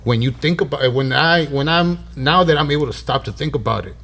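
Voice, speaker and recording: Relaxed man, casual podcast host. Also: mid-range voice, fairly quick. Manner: relaxed, warm, many fillers like "man" and "yeah". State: emotional. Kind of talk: casual conversation.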